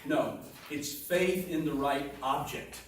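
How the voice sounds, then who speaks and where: A man's voice: fairly high pitch, takes it slowly. A man preaching a sermon in a conversational teaching manner, with asides and restarts. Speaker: pastor. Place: church sanctuary. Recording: echoey room, distant mic, faint noise.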